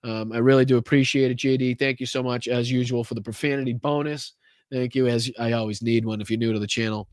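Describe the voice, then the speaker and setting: A man on a live podcast stream talks off the cuff, full of fillers and casual swearing as he shouts out supporters. His voice sits at an ordinary middle pitch. The sound is close and dry, with no room echo. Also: steady tone, quick pace. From Boston area. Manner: loose and profane, many fillers, warmly thanking viewers. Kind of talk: casual live-stream chat reading donations.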